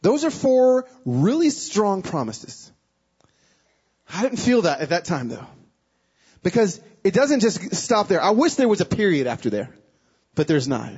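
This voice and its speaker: High, husky man preaching. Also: big pitch swings, a little slow, highs cut off. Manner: emotional personal storytelling, swinging from hushed to loud and pleading. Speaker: guest speaker. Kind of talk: sermon.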